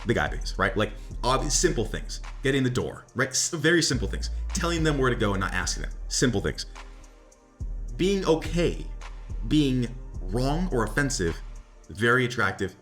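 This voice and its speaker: A man's voice: mid-range voice, big pitch swings, normal speed, fairly bright tone, soft background music. A man talking as a dating coach in a casual monologue, brash and profane, often laughing at his own jokes and tossing in "right?". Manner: repeats "right?" and "like" constantly.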